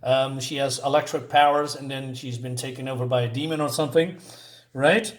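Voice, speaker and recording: A man casually reviewing a comic book, retelling the panels in a halting way with many fillers, restarts and chuckling asides. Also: mid-range voice, steady tone.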